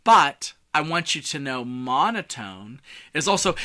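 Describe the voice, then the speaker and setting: Bright-voiced man coaching public speaking. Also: on the high side, very animated, measured pace. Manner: swings volume and tone on purpose, from loud to hushed; casual and joking. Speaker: communication coach.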